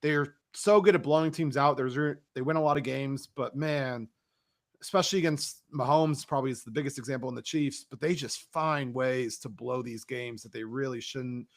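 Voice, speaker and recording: Male co-host, mid pitch, analytical fan commentary. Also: normal speed. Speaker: podcast co-host. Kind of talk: casual chat.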